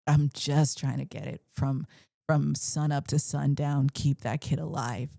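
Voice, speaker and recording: A young woman with a low, gravelly voice talks earnestly about parenting. Her tone is mellow and dark, and she shares a personal story in a confessional, meandering monologue. The recording is close and dry. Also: steady tone, unhurried, no echo. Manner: earnest, confessional, rambling with restarts. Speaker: parenting channel host.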